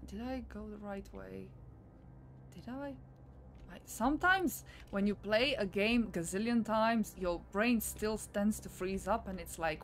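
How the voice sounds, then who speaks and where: A woman's voice: medium pitch, measured pace, noisy background. A woman streaming a video game, chatting casually and thinking aloud as she plays, a little tired. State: slightly tired. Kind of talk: casual gameplay commentary.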